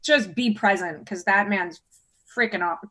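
A woman's voice: medium pitch, measured pace, sharp tone. A woman in her forties, a podcast guest, talking candidly and expressively and swearing freely. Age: 40s. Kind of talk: casual chat.

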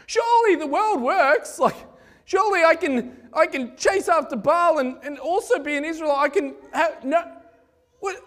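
A man voicing a desperate male idol worshipper who pleads and cries out, his voice rising high and strained. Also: full character voice. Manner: pleading, breaking into anguished shouts. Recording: echoey hall.

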